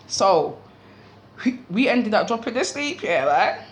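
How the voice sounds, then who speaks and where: A young woman telling a story casually, in an animated, slangy way, swearing freely. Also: mid-range voice, measured pace.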